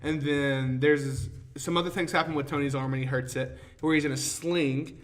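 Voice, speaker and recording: A young man co-hosting a casual podcast, chatty and joking, throwing out quick questions. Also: fairly high pitch, fairly even intonation. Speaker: podcast co-host. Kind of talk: casual chat.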